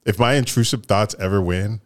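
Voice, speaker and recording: Deep-voiced man, blunt podcast talk. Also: fairly quick, no room sound. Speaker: podcast co-host. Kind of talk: casual chat.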